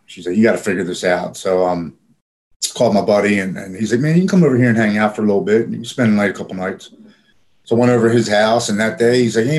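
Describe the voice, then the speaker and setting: A man casually telling a personal story in plain, profane speech with frequent fillers. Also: lowish voice. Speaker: guest telling his recovery story.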